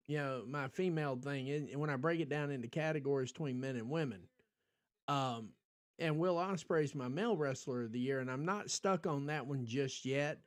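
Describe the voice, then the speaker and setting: An American man hosting a podcast livestream, rambling in casual chat, full of ums and restarts and answering viewers in the chat. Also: mid-range voice. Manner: rambling, talks back to chat, frequent ums. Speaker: podcast host.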